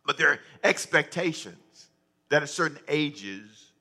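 A man's voice: on the high side, lively intonation, unhurried, sharp tone. A man preaching a sermon as pastor, conversational and joking, often repeating himself. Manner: conversational, repetitive, humorous asides.

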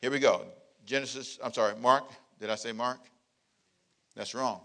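A man's voice: mid-range voice, moderate pace, sharp tone. A male pastor preaching a sermon, joking with the congregation and acting out scenes as he goes. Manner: playful, joking preacher who acts out scenes; calls out to the congregation.

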